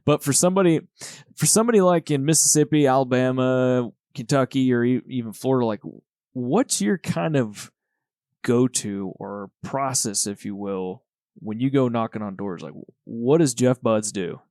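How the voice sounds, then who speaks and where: A man hosting a podcast, asking questions in relaxed conversational chat with some hesitant fillers. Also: medium pitch, moderate pace, no room sound, studio quality. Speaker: podcast host. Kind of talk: casual interview. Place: Texas.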